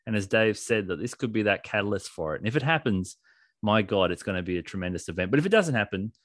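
Excitable male podcast co-host, dry sound. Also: fairly low pitch, fast, dry recording. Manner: excitable, rambling, laughs often. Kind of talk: casual chat.

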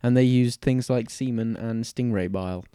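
A man's voice: mid-range voice, moderate pace, mellow, clear, resonant tone, no room sound, studio quality. A man co-hosting a podcast in casual chat, laid-back and wry, often laughing. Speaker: podcast co-host.

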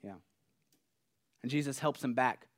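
A man's voice: medium pitch, a little slow. Pastor, male, earnest conversational sermon delivery. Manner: earnest, conversational, swings between soft and emphatic.

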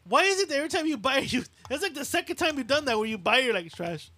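A man's voice: very high-pitched, animated, fast talker, sharp tone. A man co-hosting a podcast in casual chat, asking questions, ribbing his friends and swearing. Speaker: podcast co-host.

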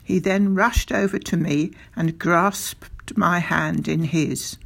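A storybook narrator reading a first-person tale aloud at a slow, unhurried pace. The voice is gravelly and husky, settling into an even storytelling rhythm. Every line is given room to land. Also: mid-range voice. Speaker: audiobook narrator.

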